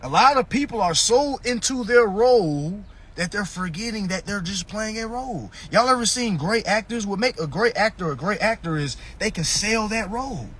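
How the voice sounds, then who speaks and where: Animated, husky-voiced man ranting on a live stream. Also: high-pitched, normal speed, few pauses. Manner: animated, mocking, profane, rhetorical questions. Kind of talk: casual ranting monologue. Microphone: phone.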